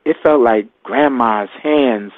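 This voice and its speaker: An older man, a guest, telling a personal story in a halting, reflective way. He often repeats his words. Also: medium pitch, no room sound. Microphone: phone line. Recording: tinny phone line.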